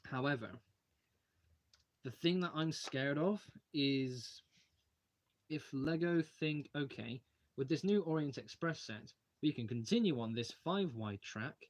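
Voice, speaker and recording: This young streamer talks slowly but animatedly in a medium-pitched voice, taking apart brick models at a desk in his home hobby room. He rambles casually on the live build stream and reads viewers' questions out loud.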